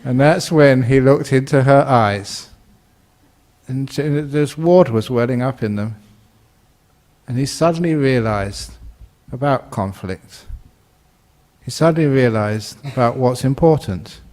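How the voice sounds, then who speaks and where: A British man in his sixties, a Buddhist monk giving a dharma talk, an animated storyteller who acts out the voices and laughs at his own jokes. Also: mid-range voice, a little slow, long pauses.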